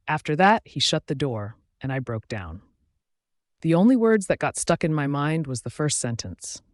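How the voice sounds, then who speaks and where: A man's voice: a little high, sing-song, normal speed, dry recording, studio quality. A man narrating a first-person werewolf romance story in a dramatic storytelling reading.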